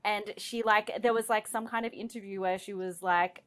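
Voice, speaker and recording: A woman's voice: mid-range voice, moderate pace, hardly any pauses, smooth. A woman co-hosting a podcast, telling stories in casual chat with lots of fillers. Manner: animated storytelling, many fillers. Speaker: podcast co-host.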